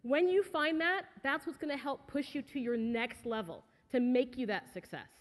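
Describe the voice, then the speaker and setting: Woman speaker, high voice, lively conversational motivational talk on a stage, long hall reverb. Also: moderate pace. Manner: lively, conversational, with asides to the audience. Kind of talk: motivational talk to young people. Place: auditorium stage. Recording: echoey hall.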